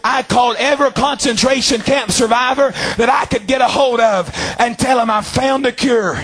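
A man's voice: very high voice, fairly even intonation, moderate pace, fairly bright tone, breathy edge, voice pushed up, heavily acted. A man retelling an old camp survivor, earnest. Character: haunted old male camp survivor, grateful.

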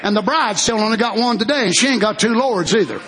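A man preaching a fervent sermon, often breaking into shouted hallelujahs. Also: sits high, expressive, fast, a crowd in the background.

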